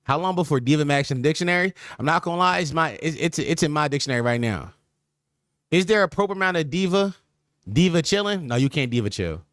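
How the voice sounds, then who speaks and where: Sex: man. Role: podcast host. Style: casual streaming chat. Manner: animated, slang-heavy riffing. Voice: high, lively pitch. Sound: dry and close. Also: quick pace, dry recording.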